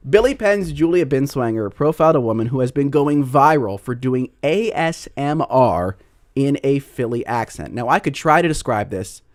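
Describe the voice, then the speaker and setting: A man's voice: mid-range voice, expressive, moderate pace. A man co-hosting a public radio talk show in casual chat, with conversational asides. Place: radio studio.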